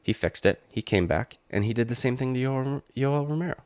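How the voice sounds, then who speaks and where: A man's voice: mid-range voice, brisk, darkish tone, no echo. A man in his late twenties giving casual, rambling, profane reaction commentary on fighting news. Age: late 20s. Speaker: MMA YouTuber.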